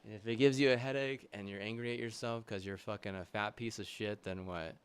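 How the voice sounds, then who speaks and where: A young man streaming live, ranting angrily with constant swearing, halting restarts and loud agitated bursts. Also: on the low side, steady tone, clear, resonant tone. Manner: heated, profane, swearing constantly; halting restarts, trailing fillers. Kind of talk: angry livestream rant.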